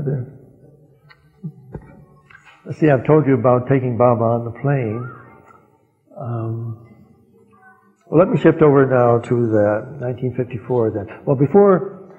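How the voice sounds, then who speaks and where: A man's voice: mid-range voice, dark tone. An older man recounting old memories to a gathering, rambling with frequent chuckles and fillers. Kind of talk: anecdotal storytelling talk. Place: large hall at a gathering. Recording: dull archival recording in reverberant hall.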